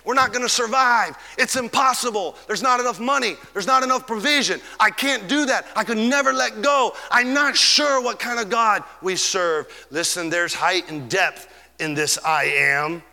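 Fervent high-voiced preacher in a big hall. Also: male voice, normal speed, gravelly. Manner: fervent preaching, stretches key words, swings loud and soft. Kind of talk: sermon.

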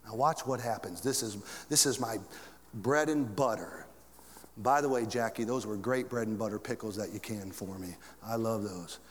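A male pastor preaching a sermon to his church, with big swings in pitch and volume. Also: normal speed, in a large hall.

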